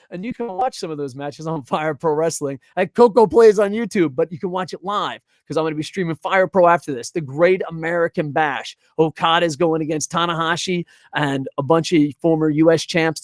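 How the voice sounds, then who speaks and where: A man's voice: fairly high pitch, no echo, studio quality. Profane, rambling male stream commentator. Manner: rambling, profane, reads chat aloud. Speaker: wrestling review streamer. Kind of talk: casual live-stream commentary. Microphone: desk microphone.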